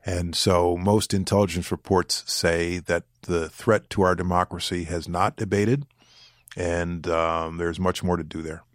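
Man, deep voice, dry close sound; deliberate, careful interview answers. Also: flat delivery, dry recording. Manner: deliberate, weighs words, pauses to choose phrasing. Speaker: former government official, interview guest.

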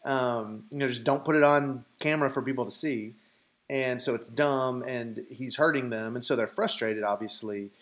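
A man's voice: medium pitch, moderate pace, fairly bright tone. A man co-hosting a podcast who thinks aloud in casual sports chat, with many fillers and restarts. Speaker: podcast co-host.

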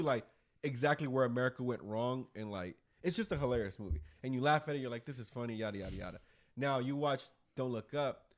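A man hosting a casual podcast, retelling a movie in a rambling, profane way. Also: mid-range voice. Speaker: podcast host. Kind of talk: casual chat.

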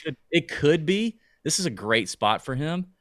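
A man's voice: a little high, sing-song, normal speed, dry recording, studio quality. A man co-hosting a casual sports talk podcast, rambling and hesitant, with frequent restarts. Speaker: podcast co-host.

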